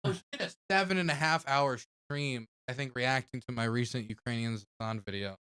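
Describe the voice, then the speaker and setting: A man's voice: medium pitch, a little fast, bright, forceful tone, smooth. A man co-hosting a live stream in casual chat, joking sarcastically about what they watch. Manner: sarcastic, mocking. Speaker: streamer, co-host.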